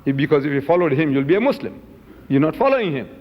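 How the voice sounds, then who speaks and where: An older man answering a questioner in a public debate, forceful and rhetorical, firing repeated questions back at him. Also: fairly high pitch, sing-song, fast talker. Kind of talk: impassioned public debate reply. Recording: dull recording from a reverberant hall.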